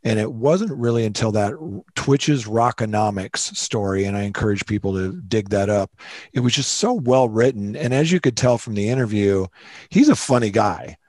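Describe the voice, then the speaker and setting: A man hosting a podcast, enthusiastic and warm, often repeating words as he starts a sentence. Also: on the low side, normal speed, dry recording. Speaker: podcast host. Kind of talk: casual podcast chat.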